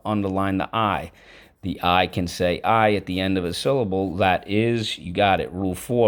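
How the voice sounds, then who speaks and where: A man teaching a vocabulary and spelling lesson, breaking words into syllables slowly and talking casually with frequent check-ins. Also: low-pitched. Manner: slow, deliberate syllable-by-syllable teaching; conversational, with frequent fillers like "all right".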